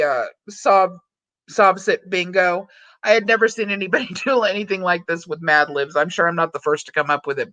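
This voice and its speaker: A woman's voice: mid-range voice, pushed and bright, no echo. A woman hosting a casual livestream, reading out viewer chat, chatty and prone to laughing often. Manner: giggly, breaks into frequent laughter.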